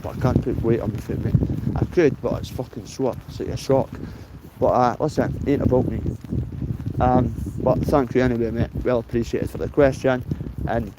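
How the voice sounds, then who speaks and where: A Scottish man in his late thirties with a Dundee accent vlogs while walking in the rain, blunt and sweary, ending nearly every phrase with "mate." His voice is medium-pitched and the recording is very noisy.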